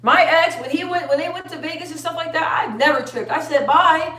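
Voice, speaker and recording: A woman's voice: high voice, fast, fairly bright tone. A young woman chatting casually on a livestream, telling stories and reading viewer comments aloud. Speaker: livestream host. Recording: roomy sound, distant from the mic.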